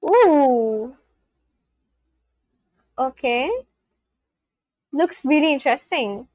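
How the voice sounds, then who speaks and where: High-voiced young woman gushing on stream. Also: expressive, drawn-out words, darkish tone, dry recording, dull audio. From India. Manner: gushing, reads chat aloud and reacts. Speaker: livestreamer. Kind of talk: casual livestream chat.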